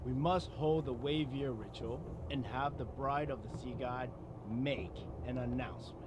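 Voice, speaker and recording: A man's voice: mid-range voice, steady tone, a little slow, noisy background, lightly acted. An actor playing a cold, scheming older male city ruler in a video game, speaking in a condescending, commanding way.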